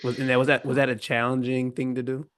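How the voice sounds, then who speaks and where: An American man interviewing a guest in a relaxed, conversational way. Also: medium pitch, fast, smooth, no room sound, clean studio sound. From United States. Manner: relaxed, brief affirmations.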